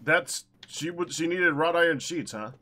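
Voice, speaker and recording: A man's voice: fairly high pitch, normal speed, pushed and bright. A man co-hosting a game stream, adding teasing remarks to the casual chat. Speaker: co-host. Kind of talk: casual banter while gaming.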